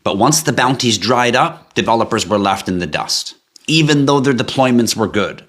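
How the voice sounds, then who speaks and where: A man hosting a live stream, giving a hype-driven sales pitch with asides and tangents. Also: expressive, moderate pace, a bit bright. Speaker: live stream host pitching a blockchain project.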